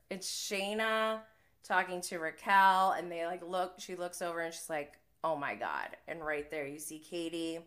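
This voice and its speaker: A woman's voice: fairly low pitch, pushed and bright. A young woman hosting a live stream, chatting casually through a TV episode recap, laughing and using many fillers. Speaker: recap host.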